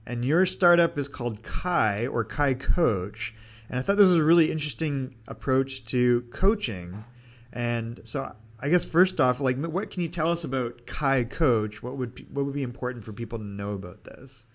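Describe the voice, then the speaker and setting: A man's voice: medium pitch, animated, normal speed. A man hosting a podcast who chats casually and jokes at his own expense. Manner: playful, self-deprecating. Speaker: podcast host. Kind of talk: casual interview.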